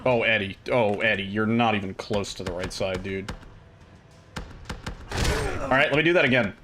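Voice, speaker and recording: A man's voice: on the low side, normal speed, sharp tone. A man chatting casually and rambling while streaming a game, now and then swearing at it. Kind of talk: casual gameplay chat.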